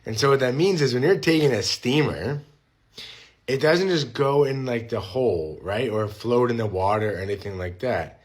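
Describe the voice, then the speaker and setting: A man's voice: mid-range voice, lively intonation, normal speed. An American man chatting casually in a vlog, a bit conspiratorial. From United States.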